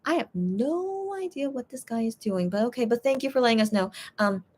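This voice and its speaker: A young woman chatting casually on a live stream, reading viewer comments and translating messages with frequent pauses and restarts. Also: a little high, lively intonation, a little mellow. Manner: hesitant, many restarts while translating.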